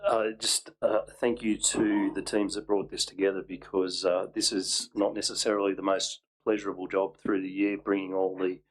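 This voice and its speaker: A man speaks as a councillor in a plain, appreciative way. His voice is deep and flat. Faint clicks can be heard behind him. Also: moderate pace, few pauses, a little hiss or hum, rough recording. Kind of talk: council meeting remarks.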